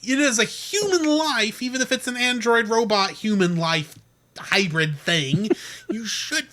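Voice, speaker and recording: Bright-voiced man reviewing a movie. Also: high-pitched, unhurried. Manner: eager, talks over his partner. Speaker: podcast co-host. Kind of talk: casual movie review chat.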